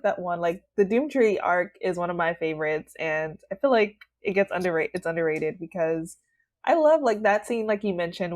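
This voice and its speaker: A woman hosting a podcast in casual chat, animated and laughing often. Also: on the low side. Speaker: podcast host.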